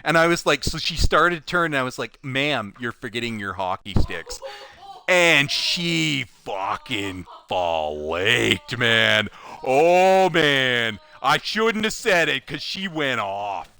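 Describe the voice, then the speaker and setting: A man casually telling an anecdote from his job, animated and full of "like", laughing as he goes. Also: medium pitch, takes it slowly, vocal fry, few pauses, clear, resonant tone. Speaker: recycling plant worker telling a story.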